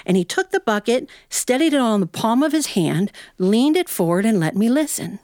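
Woman, storyteller, higher-pitched, animated, playful, live audience, dry studio. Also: moderate pace, dry recording. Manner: animated, playful, comic timing.

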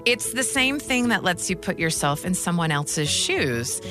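A woman's voice: fairly low pitch, big pitch swings, unhurried, music in the background. A woman co-hosting a casual podcast who is humorous and affirming toward the others. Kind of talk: casual chat.

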